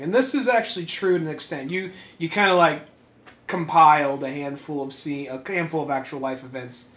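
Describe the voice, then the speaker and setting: A young man co-hosting a casual podcast chat. His voice sits high and sounds bright and sharp. The room around him is echoey. He tells stories in an animated way and throws in sudden shouted impressions. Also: fairly quick. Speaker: podcast co-host.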